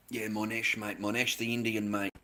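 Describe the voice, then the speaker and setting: A man's voice: on the low side, heavy background noise. An Australian man livestreaming, rambling in casual chat, swearing constantly and ending his lines with "mate".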